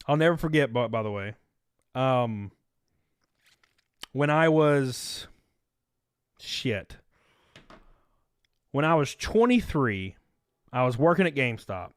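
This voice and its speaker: A man's voice: medium pitch, sing-song, takes it slowly, pauses often, clean tone, no echo, clean studio sound. A man in his thirties hosting a livestream, telling rambling, profane stories to his chat in a casual way. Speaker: livestream host. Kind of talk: casual storytelling to a live chat.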